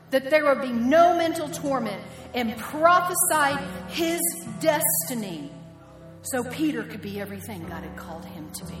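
A woman preacher telling a story in a sermon, acting out each character as she goes. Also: high-pitched. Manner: animated storytelling that acts out the quoted characters. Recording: echoey hall with music behind.

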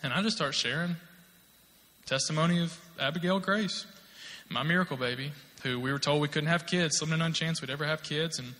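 Bright-voiced male preacher in a hall. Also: on the high side, brisk. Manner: conversational storytelling, rising to emphatic exhortation. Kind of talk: sermon with personal testimony. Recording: long hall reverb.

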